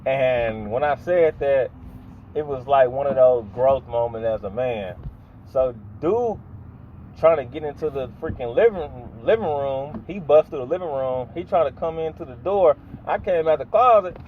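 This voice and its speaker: A man's voice: medium pitch, normal speed, phone-quality sound, a little hiss or hum. A young man telling a comic story in slangy speech, acting out the voices. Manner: animated, acts out voices, slangy. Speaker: stand-up storyteller.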